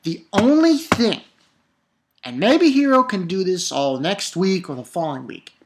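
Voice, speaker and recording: A man giving a casual, excitable, profane review of a manga chapter. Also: high-pitched, normal speed, noisy background. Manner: excitable and profane, bursts into loud exclamations.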